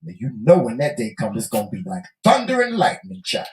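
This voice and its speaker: Man, co-host, casual chat, teasing storyteller, wide-ranging pitch, echoey room. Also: a little fast. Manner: animated storyteller, teasing, laughs often.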